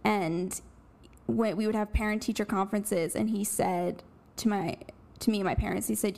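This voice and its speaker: A woman's voice: medium pitch, fairly even intonation, moderate pace, creaky, darkish tone. A woman guesting on a podcast, chatting casually and laughing easily as she tells stories.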